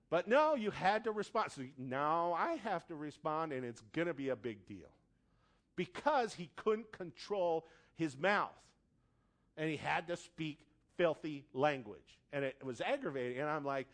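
A man preaching a sermon in a conversational, storytelling way, acting out quotes and rising to loud emphasis. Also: a little high, very animated, normal speed. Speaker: pastor.

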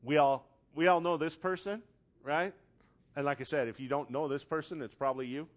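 Animated preaching man, fairly high voice. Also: a little fast. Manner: storytelling with acted quotes, conversational; animated, rising to loud emphasis. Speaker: pastor. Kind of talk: sermon.

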